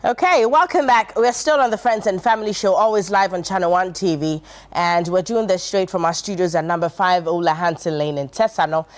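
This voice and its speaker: A woman's voice: fairly low pitch, brisk, hardly any pauses. A woman with a Ghanaian English accent hosting a TV talk show from a studio, playful and acting out quotes. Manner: playful, acts out quotes with laughter.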